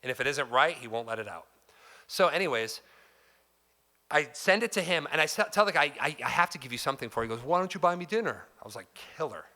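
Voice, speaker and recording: A man's voice: mid-range voice, lively intonation, fast, pushed and bright. A man giving a guitar clinic in a music store, telling a story to a live audience in a loose, chatty way and acting out the quotes. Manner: chatty and loose, heavy on "like" and "dude", acts out quotes.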